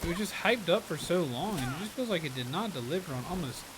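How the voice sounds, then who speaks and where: A man's voice: fairly high pitch, lively intonation, fast, noisy background. A man streaming live as he plays a game, chatting casually in a rambling, musing way, with hedges and bits of dry sarcasm. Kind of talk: casual chat while playing a game. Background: game music.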